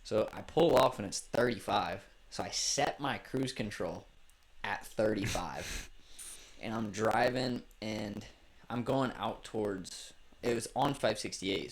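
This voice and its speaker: Young male host, gravelly and low-pitched, laid-back storyteller who swears freely and acts out both sides of arguments. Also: a little slow. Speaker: podcast host. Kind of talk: casual storytelling chat.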